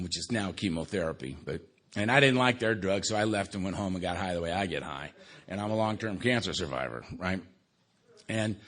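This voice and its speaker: A man in his sixties from Los Angeles telling his recovery story at an AA meeting, with wry dark humor, conversational tag questions, and a quieter, subdued delivery for grave memories. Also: lowish voice. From Los Angeles, USA. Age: 60s. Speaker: AA speaker. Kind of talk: recovery talk to a live audience.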